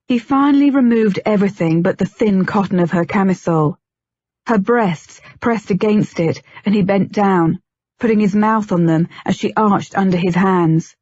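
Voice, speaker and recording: A woman reading a novel aloud in a steady, measured way as an audiobook narrator. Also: mid-range voice, breathy edge, dry recording. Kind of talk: scripted narration. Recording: dull lo-fi, dry.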